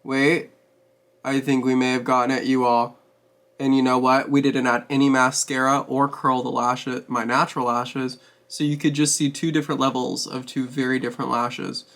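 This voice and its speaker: A man's voice: mid-range voice, flat delivery, moderate pace, a bit bright. A man hosting his own beauty vlog, chatting casually and expressively while doing his makeup, swearing freely and laughing often. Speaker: beauty vlogger host.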